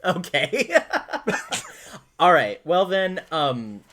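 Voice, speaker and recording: A man's voice: a little high, big pitch swings, very slow, fairly bright tone, slight background noise. A man co-hosting a casual podcast, explaining lore with frequent laughs and fillers. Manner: giggly, storytelling, lots of fillers.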